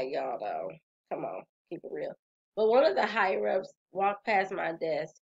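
A woman, talking casually to her viewers about calming down, chatty and sassy. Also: mid-range voice, muffled recording. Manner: chatty, sassy, laughs and sighs often. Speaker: vlogger. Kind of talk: casual wellness talk.

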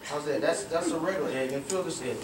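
Casting: man with a high voice, interactive storyteller asking the audience questions, in an echoey room, faint ambience. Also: fast, a little hiss or hum. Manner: repeats phrases for emphasis. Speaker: guest speaker at a youth cricket academy. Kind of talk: motivational storytelling talk. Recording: roomy, distant, faint ambience.

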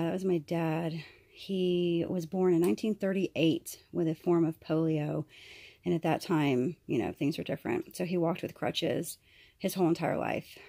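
A woman's voice: fairly low pitch, darkish tone, husky, no room sound. A woman in her thirties from the United States, chatting animatedly to the camera in a casual vlog. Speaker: vlogger.

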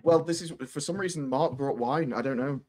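A British man chatting casually as a guest on a live stream, his voice a little worn from shouting, talking playfully with quick restarts. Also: fairly high pitch. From Britain. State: voice going hoarse from shouting. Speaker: guest co-host. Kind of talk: casual chat.

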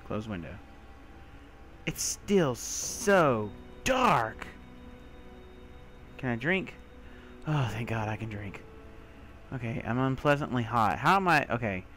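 A young man giving let's play commentary, talking to himself and breaking into panicked shouts, over faint game music. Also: medium pitch, lively intonation, moderate pace. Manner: jumpy, talks to himself, bursts into panicked shouts. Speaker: gaming video creator.

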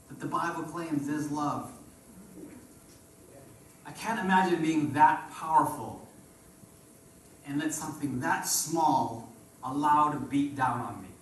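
A man's voice: on the high side, a bit bright, a little hiss or hum. Preaching man in an echoey church. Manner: call-and-response preaching, rises and drops in volume. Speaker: pastor. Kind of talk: sermon. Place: church sanctuary. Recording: roomy church echo from far off.

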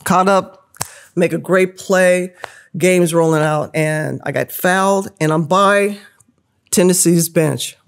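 A woman in her fifties telling a story as a podcast guest, lively, laughing often and acting out the people she quotes. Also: on the low side, slow. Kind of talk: animated storytelling.

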